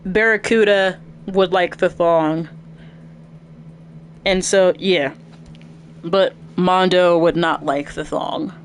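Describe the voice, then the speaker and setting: A woman's voice: lowish voice, steady tone, slow pace, long pauses, a little hiss or hum. A woman casually commentating while streaming a video game, chatty and thinking aloud.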